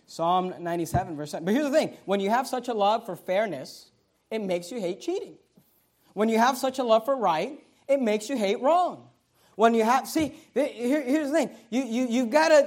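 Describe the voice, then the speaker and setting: A middle-aged man delivers a sermon in a notably high voice. He drives home his points by repeating them and breaks off for friendly asides to the congregation. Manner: emphatic preaching with repeated phrases and asides to the congregation. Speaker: pastor.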